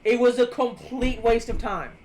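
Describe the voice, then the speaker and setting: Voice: medium pitch, moderate pace, crowd noise, poor audio. Blunt, sarcastic live-stream co-host. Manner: blunt, sarcastic, casual swearing. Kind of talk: casual live-stream chat.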